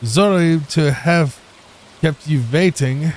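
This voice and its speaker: A man's voice: fairly high pitch, slow pace, darkish tone, slight background noise. Chef Torte, a man doing a fussy mock-German chef. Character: fussy male cake chef.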